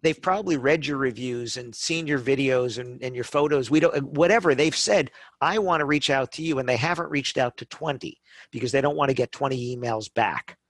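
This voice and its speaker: Animated middle-aged man telling sales stories. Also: mid-range voice, fairly quick, no room sound. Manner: animated storytelling, acts out customers, frequent "right?" tags. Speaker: guest speaker on wedding business. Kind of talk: conversational podcast talk.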